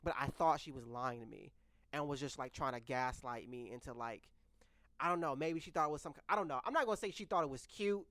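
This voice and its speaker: A young man in his twenties spinning a storytime tale with a sharp, bright voice. He is animated, laughs often, trips over his own words, and swears freely as he talks straight to the camera. The sound is close and dry. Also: mid-range voice, fairly quick, no room sound. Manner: swears casually, addresses viewers directly. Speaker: vlogger telling a story. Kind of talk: casual storytime monologue.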